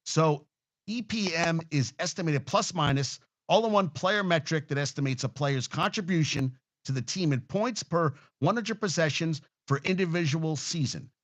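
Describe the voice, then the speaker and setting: A man's voice: on the high side, normal speed, fairly bright tone. A man hosting a sports talk show, ranting casually and heatedly with lots of swearing and restarts. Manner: profane, heated, rambling with restarts.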